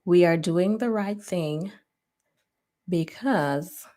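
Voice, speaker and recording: A woman hosts a live relationship podcast as a casual stream chat, laughing often, greeting viewers by name and dropping to a near whisper for asides. Her voice is lowish and warm, with drawn-out words.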